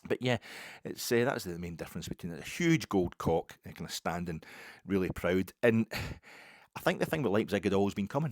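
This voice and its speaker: A Scottish man telling a rambling football story in a casual, animated way. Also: sits low, a little fast, no echo, studio quality. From Scotland. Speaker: podcast host.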